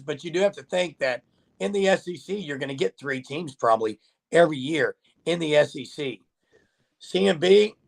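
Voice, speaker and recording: Chatty male livestream host, gravelly and a touch high-pitched, talks straight to the viewers. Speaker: host of a sports livestream show. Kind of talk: casual sports talk, reading viewer comments.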